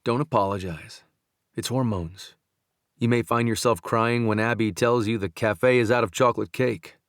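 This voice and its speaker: A man voicing a calm male country doctor in an audiobook, speaking gently and steadily. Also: medium pitch, normal speed, no echo, studio quality, natural voice. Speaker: audiobook narrator. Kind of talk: audiobook dialogue reading.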